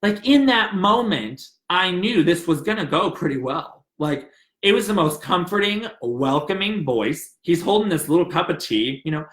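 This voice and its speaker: A man telling a personal story in a chatty, animated way, acting out the conversations. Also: a little high, moderate pace. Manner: chatty and animated, acts out dialogue. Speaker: narrator. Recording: roomy echo.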